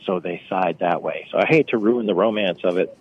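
A travel writer telling chatty, wry stories on a radio call. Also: male voice, low voice, brisk, phone-quality sound, slight background noise. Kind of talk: phone-in radio chat. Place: on location outdoors by phone.

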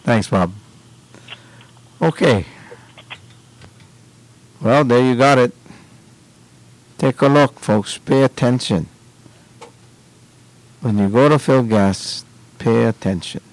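A man hosting a radio show and explaining things to listeners in a deliberate way. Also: mid-range voice, no echo, low-quality recording. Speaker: radio host. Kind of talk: radio advice talk.

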